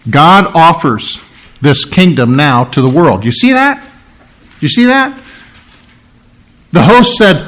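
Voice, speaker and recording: A man preaching a sermon, emphatic and animated, acting out quoted lines and often clearing his throat. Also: on the high side, slow pace, long pauses. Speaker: pastor.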